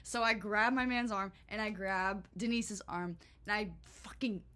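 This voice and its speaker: A young woman telling a storytime vlog in a chatty, animated way, full of swearing and filler words. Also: medium pitch, measured pace. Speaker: vlogger.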